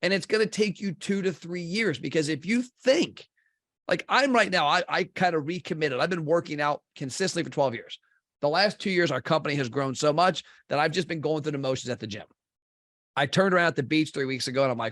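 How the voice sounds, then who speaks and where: A man's voice: fairly high pitch, a little fast, a bit bright, dry recording, clean studio sound. A middle-aged man from Kentucky, a marketing company head, talking bluntly and intensely as a podcast guest and swearing casually. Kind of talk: blunt conversational interview.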